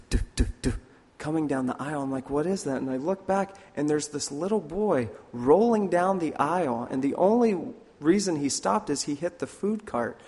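A man preaching a sermon in an earnest way, slipping into lively voices when he tells a story. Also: on the high side. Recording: long hall reverb.

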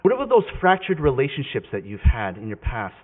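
A male pastor preaches a sermon in a conversational, emphatic style, frequently correcting himself mid-sentence. His mid-range voice swoops wildly in pitch and moves fairly quickly. The recording sounds tinny and phone-like, with long hall reverb.

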